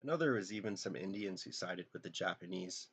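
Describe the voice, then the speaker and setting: A man's voice: sits low, a little fast, a bit bright, breathy edge. A young man chatting casually on a live drawing stream, rambling and joking, trailing off into half-remembered song lines.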